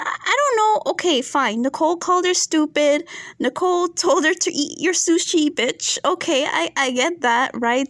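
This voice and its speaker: A chatty, opinionated woman with a high, bright-toned voice talks through a reality TV episode and keeps asking her viewers "right?". She sounds dry and close, with no room echo. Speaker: reality TV reviewer. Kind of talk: casual commentary to camera.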